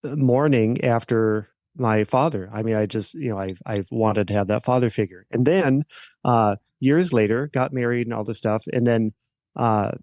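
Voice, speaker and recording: A middle-aged man, an attorney and podcast guest, recounting a personal story in a halting way with many fillers and restarts. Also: mid-range voice, darkish tone, no room sound.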